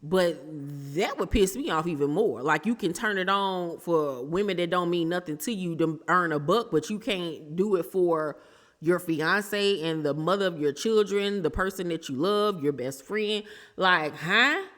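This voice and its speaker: A woman's voice: on the low side, normal speed. Woman, reality show recap vlogger, sassy blunt commentary, reverberant room. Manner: sassy, blunt, throws shade. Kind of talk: casual opinionated commentary.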